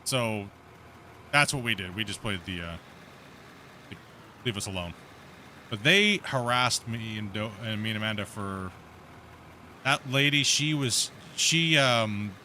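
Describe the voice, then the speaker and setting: A male streamer tells a long, rambling story in casual voice chat during his live stream, animated and packed with fillers and restarts. His voice is medium-pitched, with slight background noise.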